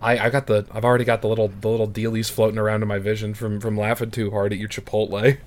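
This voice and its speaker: A man's voice: fairly low pitch, flat delivery, quick pace. A man co-hosting a casual podcast, teasing his guest and asking questions with a laugh. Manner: teasing, joking, laughing along. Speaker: podcast co-host.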